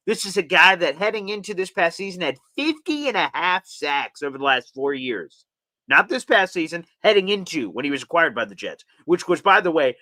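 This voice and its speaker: Animated, sarcastic sports rant from a man. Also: high voice, dry recording. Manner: exasperated, sarcastic, profane ranting. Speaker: sports show host. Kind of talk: live sports reaction rant.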